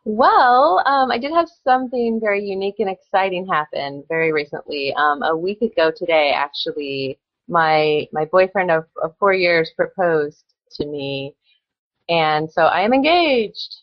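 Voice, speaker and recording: Earnest young woman, lowish voice. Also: expressive, unhurried, dry recording, highs cut off. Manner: earnest, filler-heavy, hesitant. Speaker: podcast guest. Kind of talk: casual chat.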